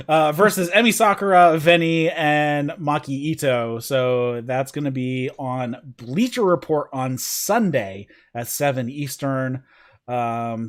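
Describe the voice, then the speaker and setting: A man hosting a casual wrestling review podcast, rambling with lots of fillers and stumbling over names. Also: fairly high pitch. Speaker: podcast host.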